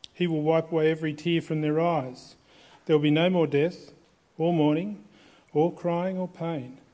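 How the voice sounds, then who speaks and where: Man reading scripture in a mellow voice. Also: a little high. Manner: measured, steady reading aloud. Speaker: pastor. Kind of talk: scripture reading in a church service. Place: church.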